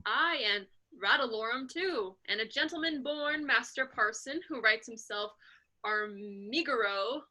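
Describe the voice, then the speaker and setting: An eager young country gentleman, read by a woman in a slightly high, very bright and sharp voice. The playful, quick delivery keeps it sounding like a casual reading among friends. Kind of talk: casual amateur play reading.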